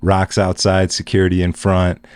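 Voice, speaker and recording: A man's voice: sits low, monotone, normal speed, clear, resonant tone, no echo. A male podcast host telling a story in a laid-back, profane, casual chat.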